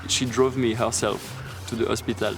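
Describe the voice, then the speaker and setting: French-accented man with a gravelly voice. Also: medium pitch, steady tone, moderate pace, music in the background. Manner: laughs often, acts out others' lines. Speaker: BMX rider telling a story. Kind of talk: animated personal storytelling.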